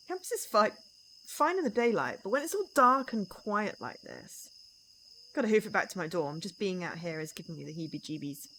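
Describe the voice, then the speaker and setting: A young adult woman streaming a visual novel, reading the story aloud in an expressive, dramatic first-person voice. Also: medium pitch, a little hiss or hum, rough recording.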